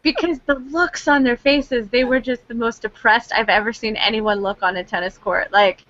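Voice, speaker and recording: A woman co-hosting a casual chat, animated and laughing as she acts out reactions. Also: a little high, normal speed, no echo, muffled recording. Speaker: co-host.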